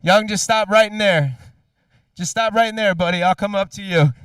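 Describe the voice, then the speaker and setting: A man doing loud, teasing live commentary at an outdoor racetrack. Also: high-pitched, a little fast, smooth, no room sound, recorded from a distance. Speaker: track announcer. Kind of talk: live trackside hype commentary.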